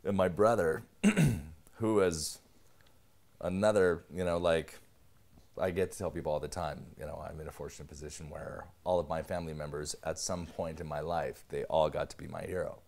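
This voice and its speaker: Deep-voiced man telling stories. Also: fairly even intonation, normal speed, gravelly, a little mellow. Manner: storytelling, laughs often, swears casually. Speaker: podcast guest. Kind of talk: casual podcast chat.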